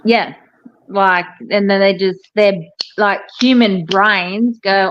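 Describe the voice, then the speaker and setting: A woman, a hairdresser chatting casually and telling animated stories, with plenty of swearing. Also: mid-range voice, slow, dull audio, slight background noise. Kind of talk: casual chat.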